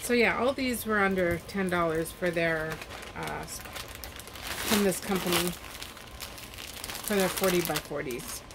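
A woman's voice: on the low side, slow pace, long pauses, background noise. A woman chatting casually at home as she unboxes and reviews craft kits, rambling and trailing off mid-sentence.

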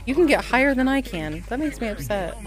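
A woman's voice: fairly high pitch, very animated, a little fast. A woman streaming casually with friends, teasing them and breaking into giggles. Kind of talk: casual chat on a live stream.

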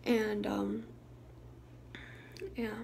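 Young woman, YouTuber vlog, soft and hesitant, hushed whispery bits, flat pitch, mid-range voice. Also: extremely slow, creaky, a little hiss or hum, low-quality recording. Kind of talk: emotional vlog talk to viewers.

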